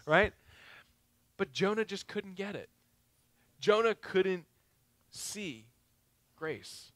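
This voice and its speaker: High, bright-voiced preaching man. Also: expressive, unhurried, pauses often, no room sound. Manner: conversational, joking asides, swings between loud and quiet. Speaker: pastor. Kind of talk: sermon.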